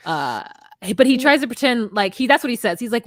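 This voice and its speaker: A woman's voice: fairly high pitch, big pitch swings, a little fast, few pauses, no room sound. A woman co-hosting a podcast, retelling scenes in casual chat. She acts out what people say and mixes in crude jokes. Her voice sounds dry and close. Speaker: podcast co-host.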